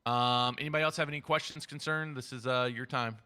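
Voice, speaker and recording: A man's voice: medium pitch, fairly even intonation, fast talker, pushed and bright, clean tone. A man leading a police roleplay meeting, explaining procedure in a friendly, organized way. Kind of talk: casual roleplay meeting talk.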